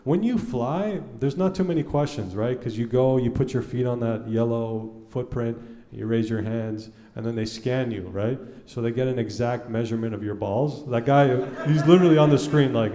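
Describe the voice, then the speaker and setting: A man's voice: mid-range voice, moderate pace, warm tone. Profane stand-up comic man, roomy theater. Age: 30s. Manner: conversational, profane, acts out dialogue. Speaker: stand-up comedian. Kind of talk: stand-up comedy set. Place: theater stage.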